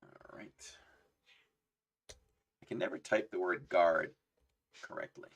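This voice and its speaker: A man's voice: deep voice, slow, dull audio. A man hosting a casual trivia livestream, playful, laughing often and reading chat aloud. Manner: fond of doing voices. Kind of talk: casual live-stream chat.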